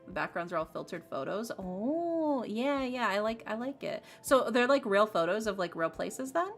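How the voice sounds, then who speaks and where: A woman's voice: mid-range voice, big pitch swings, normal speed, faint music behind. A woman streaming a game, chatting casually and rambling with lots of fillers. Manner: bubbly, rambling with many fillers. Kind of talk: casual livestream chat.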